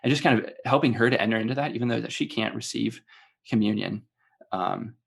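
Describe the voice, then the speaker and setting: A man's voice: mid-range voice, brisk, gravelly, breathy edge. A man in his thirties, a father and podcast guest, speaking earnestly and hesitantly with many fillers. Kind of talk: casual podcast conversation.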